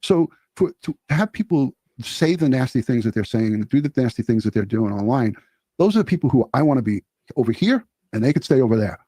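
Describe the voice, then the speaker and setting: A man's voice: mid-range voice, expressive, fairly quick, mellow, slightly rough, no echo, clean studio sound. A man co-hosting a true crime interview show, earnest and indignant as he addresses the audience directly. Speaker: co-host of a true crime channel.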